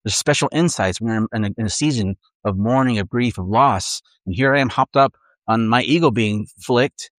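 A man preaching in an easygoing, conversational way, often slipping into acted-out inner voices and restarting phrases. His voice sits at an ordinary middle pitch. The sound is dry and close, with little room around it. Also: normal speed, fairly bright tone, no echo, rough recording. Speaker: pastor. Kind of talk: sermon.

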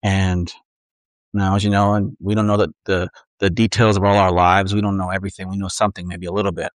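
A man's voice: sits low, level tone, brisk, no room sound, poor audio. A man preaching a sermon as pastor in a conversational way, often acting out inner voices and restarting his phrases.

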